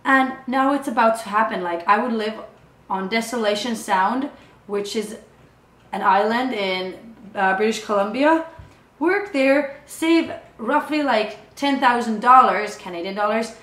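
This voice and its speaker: A woman's voice: a little high, unhurried, fairly bright tone. Chatty young woman, echoey room. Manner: chatty, many filler "like"s, acts out quoted dialogue. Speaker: travel vlogger. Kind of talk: casual chat.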